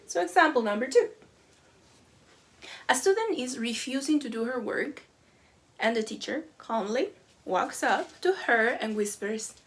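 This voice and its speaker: A woman educator reading a scripted teacher-training lesson, measured and explanatory. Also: fairly high pitch, animated.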